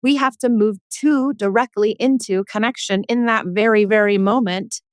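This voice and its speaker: A woman's voice: mid-range voice, no room sound, clean studio sound. A woman hosting as a parenting coach, talking earnestly and directly and acting out little scenes with children. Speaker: parenting coach and podcast host. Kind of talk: coaching conversation.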